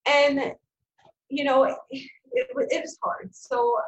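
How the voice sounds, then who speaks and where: Frank woman, fairly high voice. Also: slow pace, echoey room, dull audio. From Canada. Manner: frank and blunt, swears freely; animated, acts out quoted people. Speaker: podcast guest. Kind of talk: casual storytelling.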